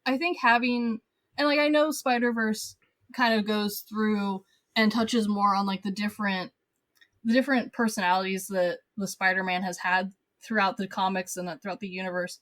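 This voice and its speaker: A woman's voice: mid-range voice, fairly even intonation, normal speed, a bit bright, no echo. Woman, podcast guest, casual chat, thoughtful, laughs easily, dry sound.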